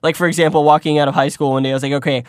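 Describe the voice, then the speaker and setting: A man's voice: a little high, level tone, racing, no echo, clean studio sound. A young man co-hosting a casual discussion, joking and teasing. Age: young adult. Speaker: podcast co-host.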